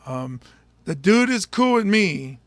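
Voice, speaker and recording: A man's voice: high voice, sing-song, slow pace, fairly bright tone, no echo. A male stand-up comedian chatting casually with his audience, rambling and joking and laughing often. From Samoa. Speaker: stand-up comedian hosting a show.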